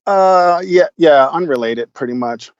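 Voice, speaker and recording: Rambling, cursing man, fairly high voice. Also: lively intonation, a little slow, clean tone, no echo, dull audio. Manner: rambling, profane, with many fillers. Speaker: podcast guest. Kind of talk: casual storytelling.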